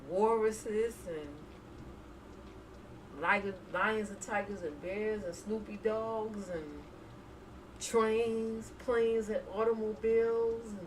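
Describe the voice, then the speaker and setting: A woman's voice: fairly high pitch, distant mic, a little hiss or hum, rough recording. A woman hosting a casual live stream, chatting and laughing as she reads viewer emotes aloud. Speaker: reaction streamer.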